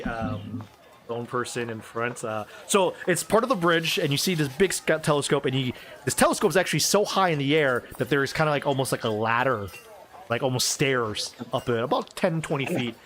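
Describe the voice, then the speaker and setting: A man with a mid-range voice runs a tabletop game as its game master, narrating loosely with plenty of hesitations and filler words. A faint hiss or hum runs under the recording.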